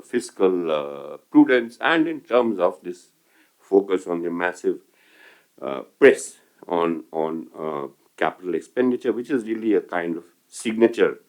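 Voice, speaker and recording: An older man with an Indian English accent speaking as an economist on a panel, measured and full of hesitations and restarts. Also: low voice. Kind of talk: panel discussion remarks.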